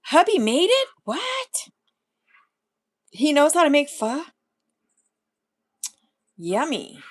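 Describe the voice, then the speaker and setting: A chatty woman hosts a relaxed live stream, laughing often and rambling from one thought to the next. She talks straight to her viewers between sips of coffee, in a mid-range voice. The sound is dry and close, with no room around it. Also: mid-range voice, no room sound. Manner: talks to viewers directly while sipping coffee. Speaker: food vlogger hosting a live chat. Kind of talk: casual live-stream chat.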